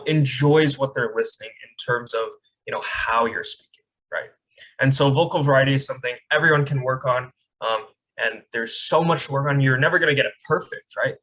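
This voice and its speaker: A young man teaches a speech class from his desk over a video call. He speaks in a loose, conversational way and keeps checking in with his students. His voice sits at a middle pitch for a man. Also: pushed and bright, low-quality recording. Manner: conversational, often ends points with "right?". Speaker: speech camp instructor. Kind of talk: online lecture. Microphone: webcam on a video call.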